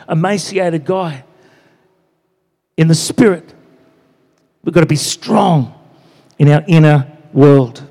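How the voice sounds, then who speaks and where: A man preaching in a church, his voice a touch high and ringing out with a long hall reverb. He keeps it chatty, peppering his sermon with "you know" and calls of "amen?". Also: darkish tone. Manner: conversational, frequent "you know" and "amen?" asides. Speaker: pastor.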